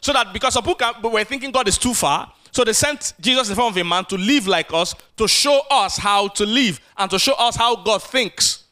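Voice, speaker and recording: A man preaching a sermon as pastor, animated, drawing responses from the congregation. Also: high-pitched, brisk, few pauses.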